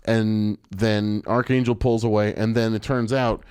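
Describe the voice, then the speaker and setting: A man's voice: fairly low pitch, little pitch movement, measured pace, darkish tone, clear, resonant tone, dry recording, clean studio sound. A man co-hosting a podcast, recapping a TV episode in casual chat, laughing often and acting out lines. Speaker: podcast co-host.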